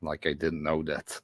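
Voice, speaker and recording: A man hosting a casual live stream from home, talking haltingly with lots of repeated words and chuckles. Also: extremely low pitch, no room sound.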